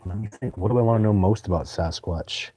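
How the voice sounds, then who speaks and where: A man's voice: lowish voice, a little fast, dark tone, a little hiss or hum. A man hosting a live stream, answering viewer questions in a casual, earnest and rambling way. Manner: earnest, rambling, many restarts.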